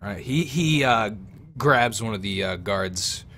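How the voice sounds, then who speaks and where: A man runs a tabletop role-playing game, describing the scene in a loose, filler-heavy way. His voice is bright and forward. A faint hum sits behind him. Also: lowish voice, lively intonation, a little slow, gravelly. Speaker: game master.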